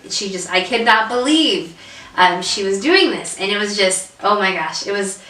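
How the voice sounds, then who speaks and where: A young woman with a bright, forceful voice tells an emotional story in a casual vlog, full of "um" and "like". She sits some way back from the mic. Her voice rings in a roomy space. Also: mid-range voice, distant mic. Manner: emotional storytelling with many fillers. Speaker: vlog co-host. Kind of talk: casual chat. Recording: roomy echo, away from the mic.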